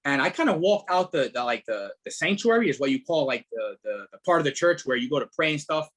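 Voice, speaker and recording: A middle-aged man, a podcast guest telling his story in a casual, animated way, repeating words and leaning on fillers. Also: fairly high pitch, quick pace. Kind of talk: casual testimony.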